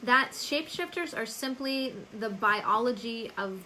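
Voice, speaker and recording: A woman's voice: fairly high pitch, lively intonation, unhurried, bright, forceful tone, a little hiss or hum, low-quality recording. A woman hosting a live stream as a psychic medium, chatting casually, laughing often and answering viewers by name.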